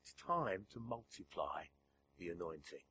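Slow, emphatic male preacher. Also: sits low, sing-song, slight background noise. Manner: emphatic preaching that drops to a hushed near-whisper. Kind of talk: sermon to a church gathering.

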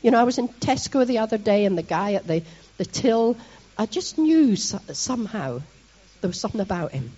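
Scottish woman preaching, husky and chatty. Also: medium pitch, fairly quick, lo-fi sound. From Scotland. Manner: lively, chatty and self-mocking, with asides to the congregation. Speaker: church leader preaching. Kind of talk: sermon.

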